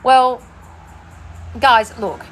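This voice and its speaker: A woman's voice: drawn-out words, faint music behind. A woman manifestation coach answering viewer questions in a casual livestream, talking bluntly and swearing often while sitting outdoors. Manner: blunt, profane, swings between shrill bursts and low mutters.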